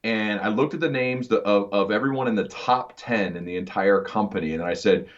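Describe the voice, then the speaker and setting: A man's voice: on the low side, fairly quick. A man hosting a podcast interview, talking earnestly and often restarting his words. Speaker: podcast host. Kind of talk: conversational interview. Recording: dull lo-fi sound.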